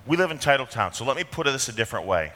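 A man's voice: mid-range voice, sing-song, racing, bright, forceful tone. A man preaching an expository sermon as pastor, talking conversationally and asking rhetorical questions, in a church sanctuary. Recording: long hall reverb.

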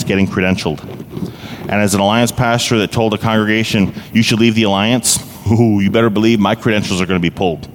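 A man preaching a sermon as a pastor, earnest and personal, growing emphatic. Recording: echoey hall, faint rumble.

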